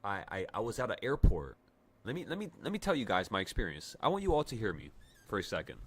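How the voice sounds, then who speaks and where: A man's voice: on the low side, wildly swooping pitch, fast talker, breathy edge. A man in his twenties, a trading streamer telling a story in casual livestream talk, stammering and swearing as he goes.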